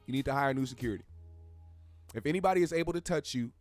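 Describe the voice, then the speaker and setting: A man's voice: medium pitch, fast, dry recording, faint music behind. A man hosting a show, ranting bluntly in heavy slang with plenty of swearing. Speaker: show host. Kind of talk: profane commentary rant.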